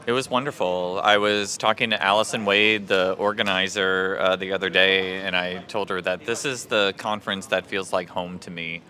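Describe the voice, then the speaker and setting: A man's voice: deep voice, steady tone, normal speed, hardly any pauses, bright, forceful tone. A man being interviewed about a conference he attends every year, speaking in an earnest way. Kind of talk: casual interview chat.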